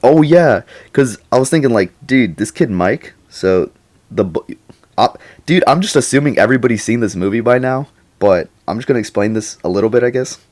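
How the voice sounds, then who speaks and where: A man's voice: medium pitch, expressive, a little fast, a little mellow. A young man giving a casual, slangy movie reaction, rambling and laughing often. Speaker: YouTuber.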